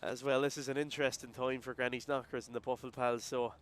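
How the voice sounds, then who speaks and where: A man doing play-by-play commentary on an esports match as caster, getting excitable on big plays. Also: fast, a little hiss or hum. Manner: excitable, voice jumps high and loud in big plays.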